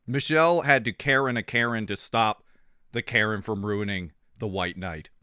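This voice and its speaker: A man streaming and chatting casually with his audience, rambling and animated, coughing now and then. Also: fairly low pitch, moderate pace, clear, resonant tone, no echo, studio quality.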